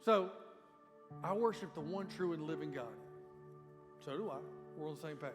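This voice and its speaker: A man with a high voice preaches in a church sanctuary. His sermon is emphatic and conversational, with sudden loud peaks. His words ring with a long hall reverb over faint music. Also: expressive, normal speed. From Georgia, USA. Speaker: lead pastor.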